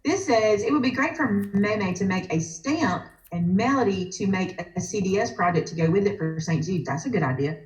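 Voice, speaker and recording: A woman with a Southern US accent, chatting as a guest on a live crafting stream and telling stories with animated energy. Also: medium pitch, fairly quick, few pauses, echoey room, low-quality recording.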